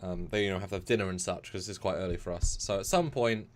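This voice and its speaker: A man's voice: low voice, quick pace. A man, co-hosting a casual livestream chat and telling stories at length. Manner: chatty storyteller, mimics voices. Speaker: co-host.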